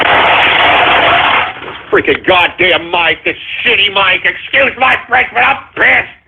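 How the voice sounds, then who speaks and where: A man hosting a radio show, ranting and yelling insults at callers. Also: sits high, very animated, slow pace, breathy edge. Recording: tinny phone-quality line.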